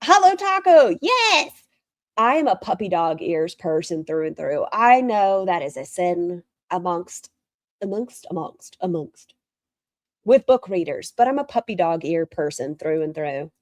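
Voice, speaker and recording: Lively, profane woman streamer. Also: on the low side, moderate pace, hardly any pauses, dry recording, studio quality. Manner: animated, profane, frequently breaks into laughter. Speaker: livestream host. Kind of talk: casual reaction stream.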